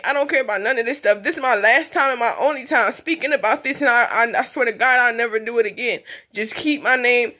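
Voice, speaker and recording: Her voice is high and sharp as this woman in her twenties talks into a phone livestream. Tearful throughout, she delivers an emotional personal monologue that is blunt, emphatic and repetitive.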